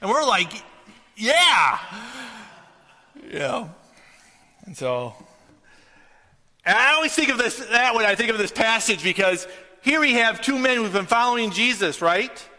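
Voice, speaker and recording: A man's voice: very high-pitched, big pitch swings, moderate pace, bright, forceful tone. Man preaching in a reverberant church hall. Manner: conversational, rises to emphatic questions. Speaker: pastor. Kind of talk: sermon with storytelling.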